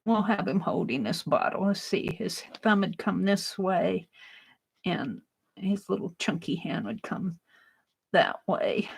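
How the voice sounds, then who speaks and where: A woman hosting a casual craft livestream, chatting and laughing at her own drawing as she works, sometimes dropping to a soft murmur. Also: on the low side, lively intonation, takes it slowly, gravelly, breathy edge, rough recording.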